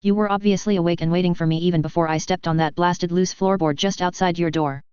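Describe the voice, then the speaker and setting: A reader voicing a cruel, taunting male vampire who speaks with slow menace, on a slightly dull recording. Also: medium pitch, fairly even intonation, darkish tone, clear, resonant tone, no room sound, lightly acted. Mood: menacing. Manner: menacing, mocking.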